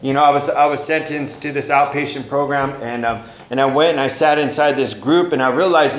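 A man's voice: medium pitch, brisk, hardly any pauses, roomy sound, rough recording. A man giving a personal recovery testimony at a meeting, talking in a casual, slangy way that is full of "man" and "you know". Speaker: member sharing at a recovery meeting.

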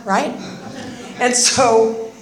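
Brief: fifties woman, recovery speaker, wry and lively, fairly high voice, roomy reverb. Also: drawn-out words. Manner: animated, sarcastic, acts out voices. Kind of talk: personal testimony with humor. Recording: roomy echoing meeting hall.

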